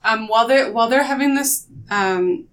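A woman's voice: a little high, normal speed, recorded from a distance, a little hiss or hum. Hesitant woman tabletop player. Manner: hesitant, many ums. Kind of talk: tabletop game play.

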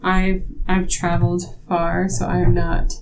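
A woman's voice: on the low side, completely flat delivery, slow, slight background noise, poor audio. A woman taking part as a player in a tabletop game, talking in a casual, chatty way.

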